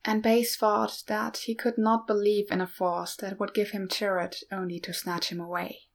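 A woman reading a story aloud in a calm, measured narration. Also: mid-range voice, creaky. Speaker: reader. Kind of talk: fan fiction read aloud.

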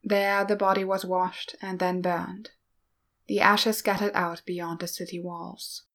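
A woman reading a story aloud in a calm, measured narration. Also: on the low side. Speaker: reader. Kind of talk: fan fiction read aloud.

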